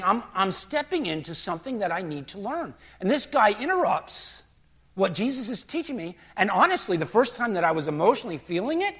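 An older male pastor preaching a sermon through a story, animated and acting out quotes as he goes. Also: high voice, husky.

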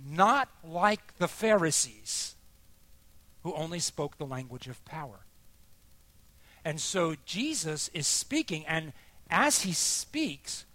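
A man preaching a sermon, expressive and emphatic, dropping soft and then rising for emphasis. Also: fairly high pitch, no room sound.

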